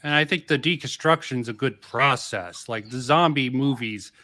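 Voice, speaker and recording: A man's voice: mid-range voice, moderate pace, pushed and bright. A man talking as a guest in a casual discussion on a call, making matter-of-fact points.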